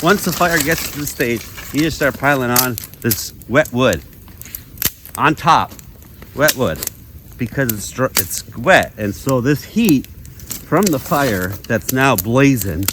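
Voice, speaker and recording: A man's voice: mid-range voice, lively intonation, unhurried, background noise. A middle-aged man casually talking through a how-to vlog outdoors in snowy woods, chatty and rambling with jokes. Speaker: outdoors vlogger.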